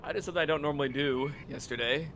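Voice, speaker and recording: A man chatting casually and joking, often breaking into laughter. His voice is a little higher than most men's. A faint background hum sits under him. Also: very fast, fairly bright tone. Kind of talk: casual chat.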